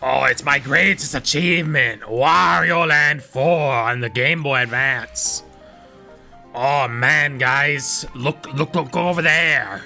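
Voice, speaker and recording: A man doing a loud, slow, groaning impression of a gassy, greedy cartoon villain. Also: mid-range voice, gravelly, faint music behind, full character voice.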